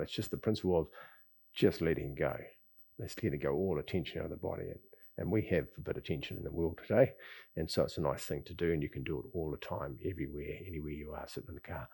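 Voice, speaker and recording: A man teaching a qigong class, talking in an easygoing, rambling way with sighs and soft chuckles. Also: very deep voice, fast talker, gravelly, husky. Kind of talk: relaxed spoken class talk. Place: lives in Bali.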